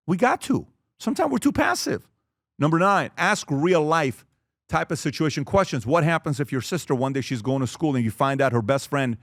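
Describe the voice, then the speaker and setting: Guy lecturing dads, blunt and pushy, kinda high-ish voice, super dry sound. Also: dry recording. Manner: emphatic, blunt, acts out family dialogues. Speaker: speaker teaching fathers. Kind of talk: motivational webinar talk.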